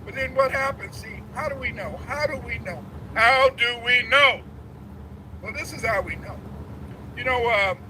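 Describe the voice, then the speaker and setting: A man giving a preachy, emphatic livestream lecture who builds to shouts. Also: high-pitched. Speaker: guest lecturer. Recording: background noise.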